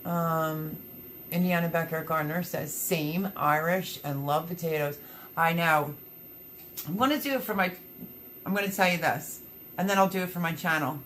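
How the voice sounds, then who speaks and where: A woman's voice: deep voice, fairly even intonation, normal speed, fairly bright tone, a little hiss or hum. A woman hosting a casual livestream, chatting in an upbeat, rambling way and reading out viewer comments. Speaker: livestream host.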